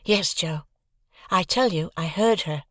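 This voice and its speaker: A man's voice: high-pitched, measured pace, fairly bright tone, dry recording, studio quality, voice pushed up. A man voicing an earnest, eager young male apprentice who pleads his case in a raised, youthful voice. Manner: insistent, pleading.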